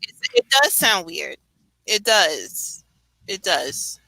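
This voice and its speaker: Late at night, a co-host with a New York accent chats casually, her talk animated and rambling, full of asides and frequent laughs. Her tone is very bright and crisp, though her pitch is fairly low and her pace slow. The rough recording is close and dry, with no room sound at all.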